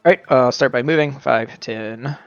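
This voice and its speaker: A man's voice: medium pitch, normal speed, clear, resonant tone, no echo, lo-fi sound, faint music behind. A man playing a tabletop game, hesitant and full of fillers. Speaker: player. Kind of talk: casual tabletop play.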